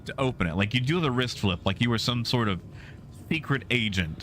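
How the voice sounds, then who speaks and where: Man, game streamer, casual, rambling, fillers, lowish voice, faint background noise. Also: lively intonation, a little fast, a bit bright. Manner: rambling, filler-heavy, easygoing. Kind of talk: casual chat with live viewers.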